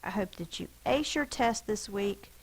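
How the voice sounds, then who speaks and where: A woman's voice: mid-range voice, measured pace, poor audio. A woman teacher giving a spelling lesson to children, sounding out letters and syllables one by one.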